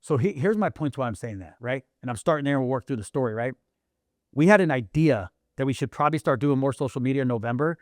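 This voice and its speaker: Hyped, fast-talking male podcast host. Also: medium pitch, animated, dry recording, clean studio sound. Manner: hyped, emphatic, bursts into shouting. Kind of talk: casual podcast chat.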